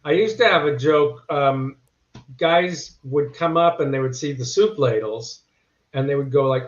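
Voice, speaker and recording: A man's voice: mid-range voice, unhurried. Man telling wry stories over echoey audio. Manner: anecdotal, wry punchlines. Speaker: podcast guest, actor. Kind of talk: casual storytelling. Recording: echoey, dull lo-fi remote audio.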